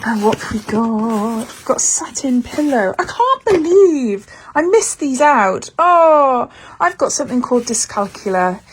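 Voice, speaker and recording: A woman's voice: sits high, very animated, measured pace, slight background noise. A middle-aged British woman chatting casually through a beauty unboxing, recorded on a phone at home, thinking aloud and chuckling often. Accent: British English. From United Kingdom. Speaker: beauty vlogger.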